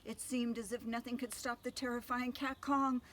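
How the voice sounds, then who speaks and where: An older woman reading a picture book aloud to children, gentle and pausing to ask them questions. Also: a little high, little pitch movement, slight background noise. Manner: gentle, asks listeners questions. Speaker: storyteller.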